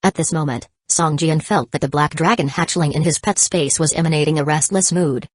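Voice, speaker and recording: A woman narrating a fantasy novel audiobook in an even, unhurried reading. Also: low voice, slightly rough, no echo. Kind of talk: scripted narration.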